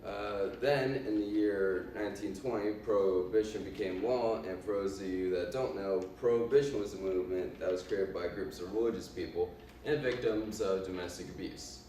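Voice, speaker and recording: A man's voice: sits low, dark tone, slight background noise, close to an everyday voice. A man doing cocky gangster boss Al Capone. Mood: boastful. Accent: put-on Italian. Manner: halting, with many ums and uhs. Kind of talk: in-character class presentation. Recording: echoey room from far off.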